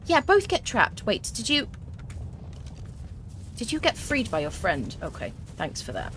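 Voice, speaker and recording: A young woman streaming a video game, chatting excitably to the creatures and her viewers as she plays. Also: a little high, unhurried, pauses often, a little hiss or hum. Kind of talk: let's play commentary. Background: faint game music.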